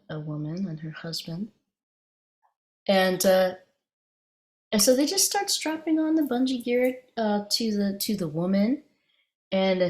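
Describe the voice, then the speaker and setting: In a mid-range voice, a woman meditation teacher gives a dharma talk. She tells a personal story conversationally, meandering and often restarting her sentences.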